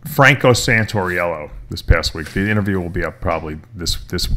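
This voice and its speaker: A man with a lower-pitched voice hosts a casual talk, retelling a long story. He rambles, restarts himself and slips into quoted lines from the people in it. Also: brisk, a bit bright. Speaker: podcast host.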